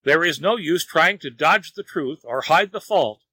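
A man's voice: fairly high pitch, lively intonation, a little slow, sharp tone, slightly rough, no room sound, full character voice. A man voicing a wailing, begging lazy man. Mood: pleading. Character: frantic itching lazy man, pleading.

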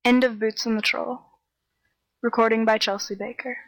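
Dry, slightly high woman storyteller. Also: no echo, rough recording. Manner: steady, measured storytelling. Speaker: audiobook narrator. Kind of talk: fairy tale reading.

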